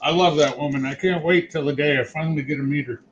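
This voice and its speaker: Curious man asking questions, higher voice. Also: steady tone, fast talker, dull audio, slight background noise. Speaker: livestream host. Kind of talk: casual chat.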